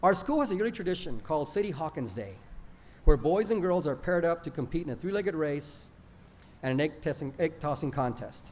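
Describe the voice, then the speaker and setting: Male author, live reading, expressive storyteller, slightly higher voice. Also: fairly quick, slight background noise. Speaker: author reading his stories.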